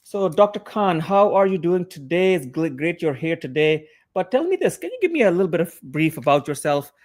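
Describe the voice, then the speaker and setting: A man's voice: on the high side, big pitch swings, fairly quick, darkish tone. A man playing a polite residency interviewer who asks questions in a friendly, formal way.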